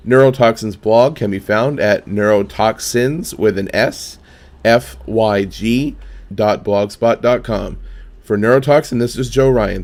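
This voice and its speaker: A man's voice: lowish voice, darkish tone. A man co-hosting a political podcast, joking in banter and reading the show's contact plugs. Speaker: podcast co-host. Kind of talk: casual political podcast chat.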